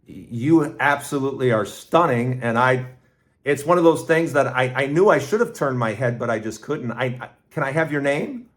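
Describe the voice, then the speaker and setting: A middle-aged man hosting his own podcast in a loose, rambling storytelling style. He restarts his sentences often and throws in lively asides, at an ordinary pitch for a man. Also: normal speed. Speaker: podcast host. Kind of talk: casual storytelling to camera.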